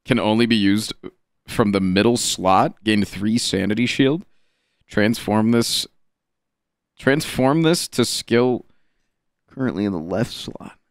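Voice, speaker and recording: A man streaming a card game, reading card text aloud and reacting with animated, profane commentary. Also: lowish voice, slow, pauses often, dry recording, studio quality. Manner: animated and profane, swinging between flat card reading and excited outbursts.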